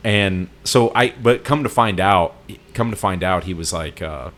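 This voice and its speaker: Deep-voiced man rambling through a story. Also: a little slow, fairly bright tone. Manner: rambling retelling with many fillers and restarts. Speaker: podcast co-host. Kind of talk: casual storytelling chat.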